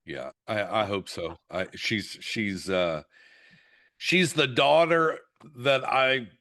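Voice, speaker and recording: His voice fairly low and his delivery slow, a middle-aged man co-hosts a podcast in relaxed chat. He brings stories to life, acting out each quote.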